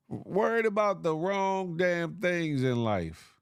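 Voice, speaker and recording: A man's voice: on the high side, expressive, measured pace, vocal fry, few pauses, clear, resonant tone, no room sound, clean studio sound. Preachy man ranting on a morning show. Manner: preachy, repetitive, motivational ranting with slang and laughs. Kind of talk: casual livestream monologue.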